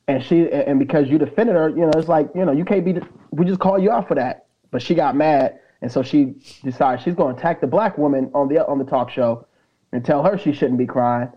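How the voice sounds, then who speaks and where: Man co-host, conversational, animated retelling, dull lo-fi mic. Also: fairly high pitch, brisk. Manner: animated retelling, acting out quotes. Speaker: podcast co-host. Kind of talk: casual chat.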